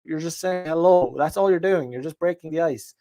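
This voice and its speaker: Slightly high-voiced guy ranting on his podcast, swearing a ton, super heated. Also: brisk, warm tone. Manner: heated, profane, emphatic. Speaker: podcast host. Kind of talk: casual ranting monologue.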